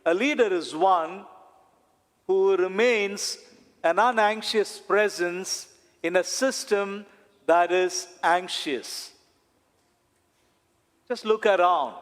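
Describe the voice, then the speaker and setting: A man, a priest, preaching a sermon slowly and deliberately, with dramatic pauses and repetition. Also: sits high. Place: church. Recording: long church reverb.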